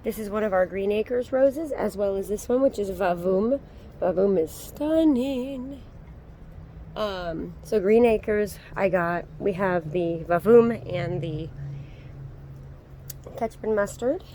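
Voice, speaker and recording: There's slight background noise as a thirtysomething gardening vlogger walks through her backyard garden with a handheld phone outdoors. She speaks a little slowly in a mid-range voice, keeping it casual and relaxed with plenty of ums.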